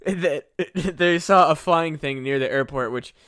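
Man, co-host, casual comedic chat, smooth clear voice, swears freely. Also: on the high side, a little slow, a bit bright, dry recording, clean studio sound. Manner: laid-back, swears a lot, laughs often. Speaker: podcast co-host.

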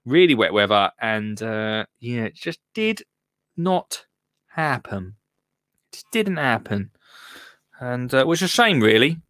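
A man's voice: medium pitch, very animated, measured pace, pauses often, a bit bright, no room sound. A British man chats through a live gardening stream from a home studio, his voice rising and falling a lot as he jokes at his own expense. The sound is close and dry, with no room around it. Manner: chatty, self-mocking, restarts a lot. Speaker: gardening show host. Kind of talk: casual live-stream chat.

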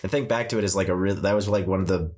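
Deep-voiced young man, laid-back. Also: rapid-fire, a little mellow. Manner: laid-back, swears casually, says "man" and "like" a lot. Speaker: filmmaker hosting a podcast. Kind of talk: casual chat.

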